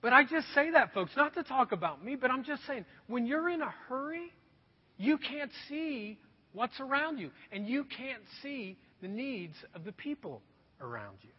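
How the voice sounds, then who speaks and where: A pastor in his thirties preaches an earnest sermon and keeps calling his listeners folks. His voice sits very high and sounds a little husky. The recording is dull and rings with a long echo from a big hall. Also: very animated, normal speed. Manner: earnest storytelling preacher, addresses the crowd as folks. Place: church hall.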